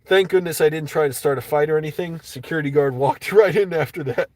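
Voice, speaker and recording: A man's voice: on the high side, quick pace, darkish tone, dry recording. A man hosting a livestream, ranting casually and angrily with lots of swearing. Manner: profane, agitated ranting. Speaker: livestream host.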